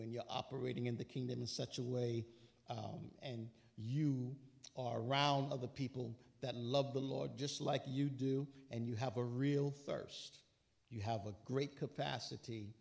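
A man's voice: medium pitch, creaky. A man preaching a sermon, quoting scripture with rising, emphatic bursts and casual asides.

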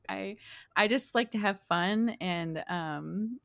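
A woman's voice: medium pitch, slow, vocal fry, a bit bright, no room sound, studio quality. A woman being interviewed about her streaming, chatting casually, laughing often and restarting her sentences. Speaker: streamer guest.

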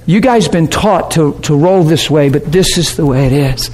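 High-voiced preacher man, chatty and laughing. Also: normal speed, darkish tone. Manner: conversational, checks in with the class, laughs often. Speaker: pastor. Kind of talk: sermon teaching. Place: warm classroom or church hall.

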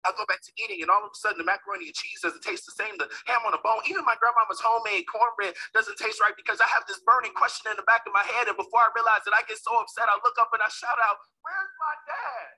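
A man's voice: high voice, very fast, hardly any pauses, slightly rough, poor audio. A man giving a dramatic motivational speech, telling a personal story and acting out the quoted voices. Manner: acts out quoted voices, builds to shouts. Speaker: motivational speaker.

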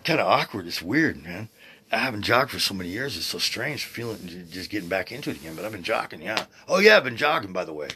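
A man in his sixties hosting a podcast, rambling in a casual, excitable way, swearing freely and often restarting his sentences. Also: on the low side, quick pace. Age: 60s. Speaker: podcast host. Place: at home, seated.

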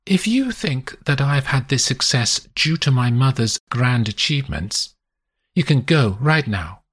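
A proud, sharp-tongued woman lawyer voiced by a man, her lines pitched far above his own deep voice and rising over a lively, wide melody. Her speech is clipped and pointed, with a rough, husky edge carried over from the performer. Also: unhurried. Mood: angry.

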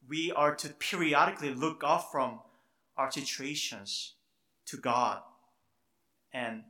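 Male pastor, sermon, bright voice, roomy echo, earnest, repeats words for emphasis. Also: mid-range voice.

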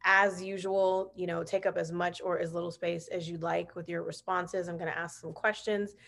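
A woman's voice: lowish voice, flat delivery, normal speed, gravelly, fairly bright tone. A woman hosting a podcast over a video call, chatty and laughing, full of "like" fillers. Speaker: podcast host. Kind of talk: casual video-call interview.

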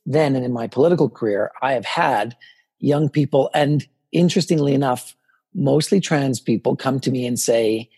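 A man in his fifties, a podcast guest telling personal stories in a lively way and acting out what people said to him. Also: medium pitch, moderate pace, vocal fry, husky. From Canada. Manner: animated storyteller, acts out quoted dialogue. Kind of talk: personal storytelling in a podcast interview.

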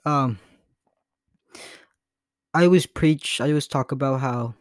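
A man's voice: medium pitch, a little slow, no room sound. Earnest young man rambling, dry close sound. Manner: rambling and earnest, with many restarts and fillers. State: emotional, voice breaking at times. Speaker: podcast host. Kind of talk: casual solo podcast monologue.

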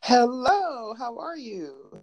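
A woman's voice: a little high, big pitch swings, drawn-out words, a little mellow. A woman hosting an interview, upbeat and chatty, laughing often. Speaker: podcast host. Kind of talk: casual interview with a friendly intro.

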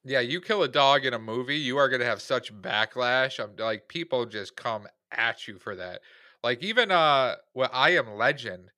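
Male podcast co-host, bright tone, easygoing and halting, dry close mic. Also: mid-range voice, no room sound. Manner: relaxed, hesitant, full of fillers. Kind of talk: casual movie review chat.

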